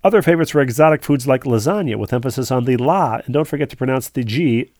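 A man's voice: medium pitch, expressive, fast talker, darkish tone, no echo, studio quality. A man co-hosting a podcast, reading listener emails aloud and wandering off into rambling asides in casual chat. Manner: rambling, digressive, full of asides. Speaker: podcast co-host.

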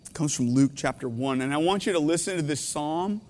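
A man in his thirties preaches with a fairly high voice. He is tearful and heartfelt, dropping to a hush and then rising to intensity as he speaks. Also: a little fast, long reverb tail. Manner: heartfelt, voice breaking, swinging between quiet and intense. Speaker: pastor. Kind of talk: emotional sermon.

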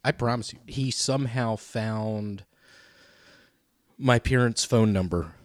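A man's voice: lowish voice, takes it slowly, no echo, studio quality. A man as a podcast guest, rambling through a joking story in casual chat.

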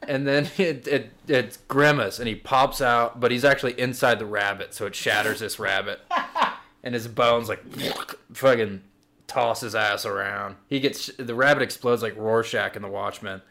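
A man's voice: mid-range voice, fairly even intonation, normal speed, gravelly, pushed and bright. Crude laughing man riffing a story. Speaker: podcast co-host. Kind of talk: improvised comedy storytelling.

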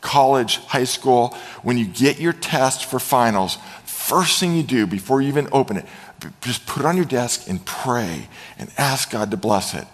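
Middle-aged male pastor, animated sermon storyteller, mid-pitched voice, long hall reverb. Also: moderate pace.

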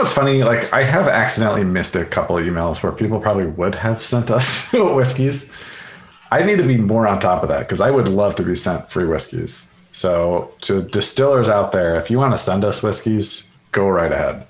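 A man's voice: on the low side, very animated, moderate pace. A man co-hosting a podcast, chatting casually in an easygoing, jokey way with plenty of fillers. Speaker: podcast co-host. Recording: roomy echo.

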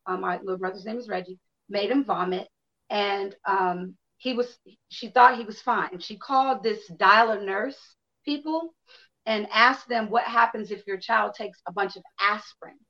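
A woman's voice: medium pitch, normal speed, lo-fi sound. Woman candidly telling a personal story. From Chicago. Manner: candid, animated storytelling with acted-out quotes and swearing.

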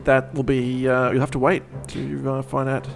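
A man's voice: medium pitch, completely flat delivery, normal speed, creaky. A man co-hosting a comedy podcast, reading a book aloud with wry asides. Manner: wry asides, laughs often. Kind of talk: comedic read-aloud with banter.

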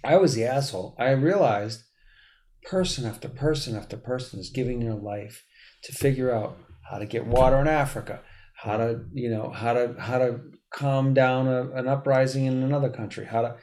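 A man's voice: mid-range voice, moderate pace, darkish tone. A man in casual podcast chat, rambling and filling his talk with "like" and "literally", now and then swearing. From Boston area.

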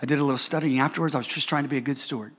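A man preaching a sermon with call-and-response, swinging from shouted climaxes to quiet, joking asides with the congregation. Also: medium pitch, steady tone, very fast, breathy edge.

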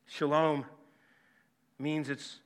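Impassioned preacher man, high voice. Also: level tone, drawn-out words, clean tone. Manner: impassioned, emphatic preaching that drops to hushed storytelling. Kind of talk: sermon with personal story. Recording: long hall reverb.

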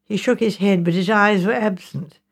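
A woman reading an audiobook narration in a crisp, measured storytelling manner. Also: medium pitch, steady tone.

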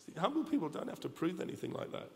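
A man's voice: sits high, very animated, fast talker, vocal fry. A middle-aged man preaching a humorous storytelling sermon, joking and talking directly to the congregation in a large church. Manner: chatty, joking, addresses the congregation. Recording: reverberant hall, faint room ambience.

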